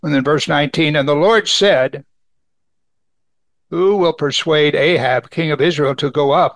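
Male preacher, gravelly and slightly high voice, conversational Bible teaching, dry close recording. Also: normal speed, no echo. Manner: reads scripture aloud and comments conversationally. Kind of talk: sermon.

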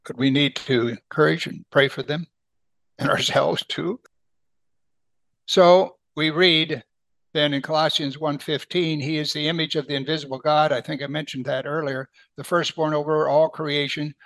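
A man preaching a Bible sermon, emphatic, lifting his voice on key words and then dropping it soft. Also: a little high, steady tone, normal speed, no room sound. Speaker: pastor.

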